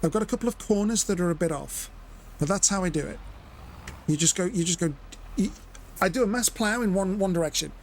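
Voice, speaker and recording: A man's voice: high voice, brisk, long pauses, slight background noise. A man giving chatty live commentary as he plays and explains his method step by step. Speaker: streamer.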